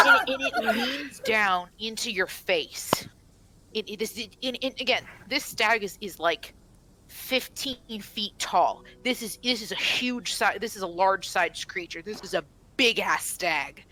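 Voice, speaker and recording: A woman's voice: mid-range voice, a little slow, fairly bright tone, poor audio. A woman narrating as game master of a tabletop game, rambling with frequent restarts.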